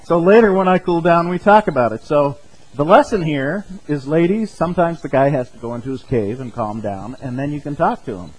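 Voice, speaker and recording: A man's voice: a little high, lively intonation, a little fast, low-quality recording. An older man preaching a sermon as a pastor, in a conversational way, chuckling often and tagging his points with "okay?" and "right?". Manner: chuckles often mid-sentence.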